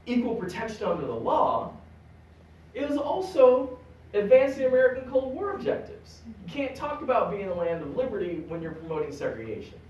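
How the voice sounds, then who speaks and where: A man giving a public lecture at a library, animated and joking with the audience. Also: very high voice. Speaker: guest lecturer. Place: public library meeting room. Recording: echoey room, recorded from a distance.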